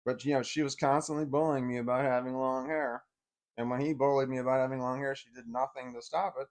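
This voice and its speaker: A man's voice: mid-range voice, level tone, fast. A man telling a personal story in a casual, rambling way, full of fillers and repeating himself.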